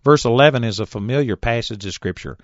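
A man in his fifties giving an earnest Bible teaching, reading scripture slowly and deliberately, on a recorded tape. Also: medium pitch, no echo. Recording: dull, dry tape recording.

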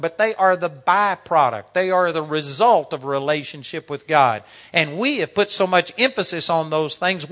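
A man of sixty delivers a sermon in a lively storytelling manner, often laughing between lines. His voice sits high for a man and rings bright and forward. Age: 60s. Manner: animated storytelling, laughing through anecdotes. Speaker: preacher.

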